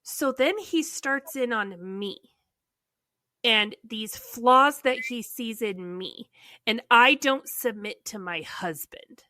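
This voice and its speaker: A woman from the United States, hosting a podcast and telling a story in a casual, animated, exasperated way with many "like"s. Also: a little high, takes it slowly, no room sound, studio quality. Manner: animated storytelling, heavy use of "like". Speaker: podcast host. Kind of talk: casual chat.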